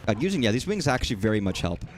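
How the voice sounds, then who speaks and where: A young man streaming a game, swearing freely and talking excitedly to himself as he plays. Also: lowish voice, very fast. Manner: profane, excitable, talks to himself while playing. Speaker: gaming streamer. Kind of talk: live gameplay commentary.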